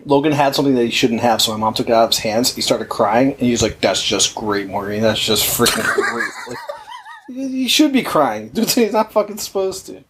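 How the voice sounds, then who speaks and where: A man's voice: medium pitch, lively intonation, fairly quick, noisy background. A man co-hosting a podcast in casual chat, telling rambling stories full of swearing and "like". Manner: rambling storyteller, swears, fillers like "like". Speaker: podcast co-host.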